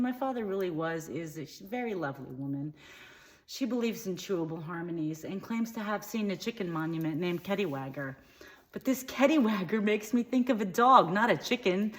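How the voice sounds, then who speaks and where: This take has a fairly low, expressive voice at a moderate pace, close to how she'd speak every day. The comedy character remains dim and bigoted, rambling and mishearing words as the satirical monologue veers from one tangent to another.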